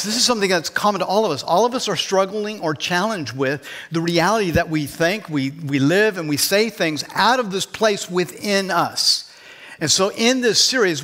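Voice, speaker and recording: A man's voice: high voice, a bit bright. A man, a pastor, preaching a conversational sermon and putting questions to his congregation in church.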